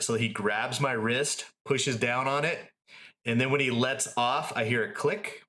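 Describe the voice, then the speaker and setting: Man, podcast co-host, bright forceful voice, casual storytelling, acts out quotes. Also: medium pitch, fairly even intonation, unhurried.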